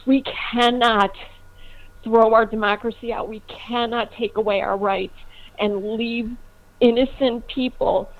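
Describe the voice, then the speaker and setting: A woman's voice: a little high, fairly even intonation, a little slow. A woman calling in to a talk show, speaking emotionally and on the verge of tears. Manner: emotional, tearful and urgent. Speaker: caller. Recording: tinny phone line.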